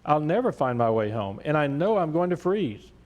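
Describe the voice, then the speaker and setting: A man's voice: on the high side, very animated, moderate pace, darkish tone. A man voicing a frightened, lost baby field mouse in a storybook tale, in a tearful, whimpering tone. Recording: echoey church sanctuary.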